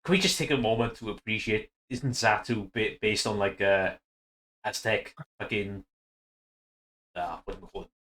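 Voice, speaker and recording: Bright-voiced man streaming a game. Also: fairly low pitch, moderate pace. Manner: rambling, loose, trailing off. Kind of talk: casual chat while gaming.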